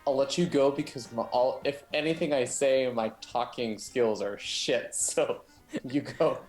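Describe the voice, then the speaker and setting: A man playing a tabletop game with friends, eagerly pitching plans. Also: a little slow, a little mellow, echoey room, faint music behind, low-quality recording. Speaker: player. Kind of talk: casual tabletop game chat.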